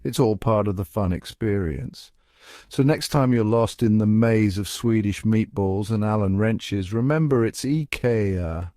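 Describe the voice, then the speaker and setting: A man giving scripted, upbeat narration as a pronunciation guide, coaxing the listener and slowing down to spell out each word. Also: fairly low pitch, steady tone, dark tone, no echo, clean studio sound.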